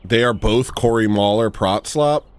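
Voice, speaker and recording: A man's voice: fairly low pitch, measured pace, smooth, dry recording. A man hosting a livestream, reacting to a video with joking, sarcastic commentary and frequent laughter. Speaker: livestream host.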